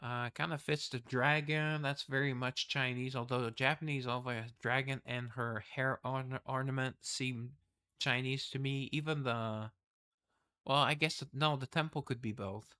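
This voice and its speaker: A man's voice: mid-range voice, fairly even intonation, normal speed, pushed and bright, smooth. A man casually reading a game's story aloud and rambling through asides and self-corrections. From the West. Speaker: game streamer reading the story.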